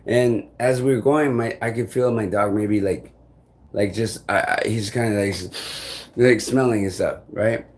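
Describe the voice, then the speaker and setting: A man with a fairly low voice tells a story straight to the camera. His delivery is rambling and full of cursing, with a frustrated edge throughout. It sounds like casual vlog talk. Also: measured pace, a little mellow, slight background noise. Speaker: vlogger.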